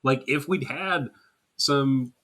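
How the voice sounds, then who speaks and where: A man's voice: mid-range voice, slow pace, fairly bright tone. A man co-hosting a casual chat podcast, laughing often and acting out quotes as he talks. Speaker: podcast co-host.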